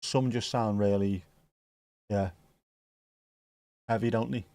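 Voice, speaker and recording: A man's voice: lowish voice, fairly even intonation, slow pace, dark tone, no room sound. A man hosting a football watch-along stream, chatting casually and joking as he reads viewer comments.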